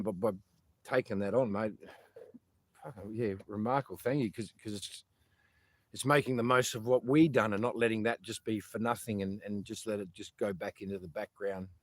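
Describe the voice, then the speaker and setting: An Australian man talking casually and earnestly to viewers, rambling and calling them mate often. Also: lowish voice. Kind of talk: casual livestream talk.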